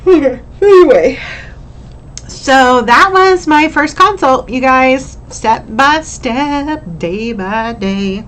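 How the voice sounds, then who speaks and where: A woman's voice: high-pitched, slow, fairly bright tone, rough recording. A young woman, talking candidly and upbeat to her camera in a casual vlog, sometimes getting emotional. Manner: candid, upbeat, emotional at times, says "y'all". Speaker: vlogger.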